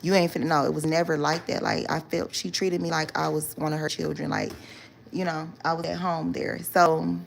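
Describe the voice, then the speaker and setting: A young woman spins a long personal story for her viewers, leaning on slang, fillers and "right?" tags. Her voice sits low and carries a gravelly fry. A faint background hiss runs under it. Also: flat delivery, moderate pace. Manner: chatty, loose slang, many fillers and "right?" asides. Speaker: storytime vlogger.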